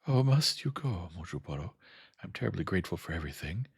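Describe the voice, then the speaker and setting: A man voicing a vain, distracted young actress woman in a soft, breathy half-whisper. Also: sits low, big pitch swings, fast talker, dry recording, clean studio sound, full character voice.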